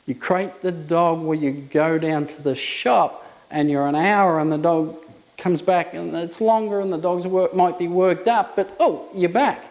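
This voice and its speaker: An emphatic man teaching dog training, with a voice sitting a little high for a man. He drives his points home through repetition. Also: steady tone, a little slow, a little mellow, poor audio. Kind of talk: instructional talk to camera.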